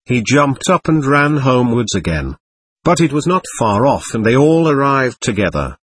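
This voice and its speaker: A man narrating a novel as an audiobook, reading in an expressive, lively way. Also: medium pitch, moderate pace, slight background noise.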